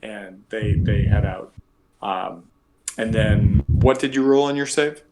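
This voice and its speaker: A man's voice: on the low side, takes it slowly, heavy background noise. Casual male game master on a call. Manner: casual, lots of "like" fillers. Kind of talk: narrating a tabletop game. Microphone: video call.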